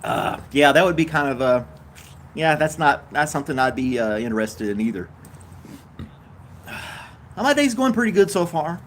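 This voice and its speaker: A man's voice: on the high side, animated, moderate pace, pauses often, slight background noise. An older man from Tennessee with a Southern accent, hosting a casual live stream, chatting in a laid-back, easygoing way and reading viewer comments aloud with frequent chuckles. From Tennessee, USA.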